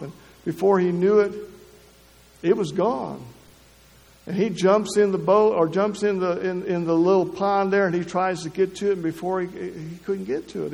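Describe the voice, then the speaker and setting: A man preaching a sermon, halting, with many restarts and repeated words. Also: sits high, gravelly, darkish tone. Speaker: pastor. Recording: long hall reverb.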